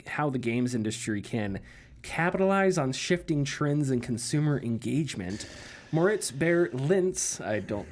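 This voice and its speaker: A man co-hosting a gaming podcast, talking loosely with lots of fillers and sarcastic asides, laughing easily. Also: medium pitch. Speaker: podcast co-host. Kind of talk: casual gaming news chat.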